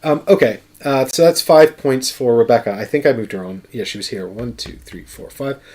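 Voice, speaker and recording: A man's voice: medium pitch, moderate pace, darkish tone. A man hosting a casual solo board game playthrough, chatty and thinking aloud as he counts out moves. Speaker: board game player and show host.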